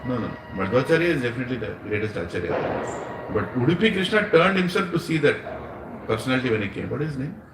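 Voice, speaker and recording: Lecturing man with an Indian English accent, lively storyteller who quizzes his listeners, echoey room, mic set far back. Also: medium pitch, quick pace, background noise. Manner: storytelling, asks the audience questions, laughs often. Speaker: spiritual teacher. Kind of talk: devotional satsang lecture. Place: room with a small gathering.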